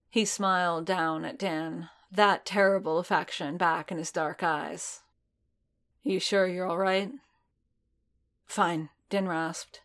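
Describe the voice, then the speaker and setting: A woman reading a piece of fan fiction aloud in steady, measured storytelling. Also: fairly low pitch. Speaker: audiobook narrator.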